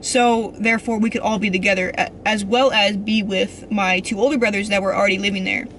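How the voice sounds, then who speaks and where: A young woman shares a personal story on her vlog with a bright, forward tone. She rambles and restarts often, earnest and emotional. She leans on casual fillers as she goes. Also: medium pitch, fairly even intonation, a little fast, a little hiss or hum. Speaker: vlogger.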